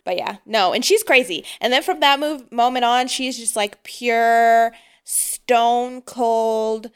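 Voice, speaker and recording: Smooth-voiced woman chatting about a film. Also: on the high side, takes it slowly. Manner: animated, acts out quotes, laughs. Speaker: podcast co-host. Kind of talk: casual film discussion.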